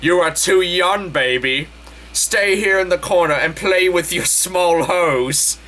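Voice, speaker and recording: A man voicing a male wizard professor who speaks calmly, softly and low, drawing out his words. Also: takes it slowly, exaggerated voice. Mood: sultry. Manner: calm, soft, low and drawn out.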